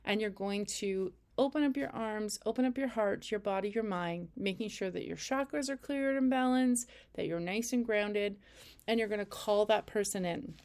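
Woman, spiritual intuition teacher, calm step-by-step guidance, gravelly texture, mid-range pitch. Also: normal speed. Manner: calm, step-by-step second-person instruction. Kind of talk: guided instructional talk.

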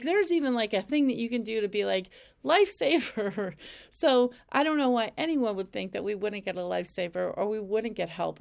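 A woman teaching a spiritual intuition lesson, guiding listeners calmly step by step. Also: medium pitch, vocal fry. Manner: calm, step-by-step second-person instruction. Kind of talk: guided instructional talk.

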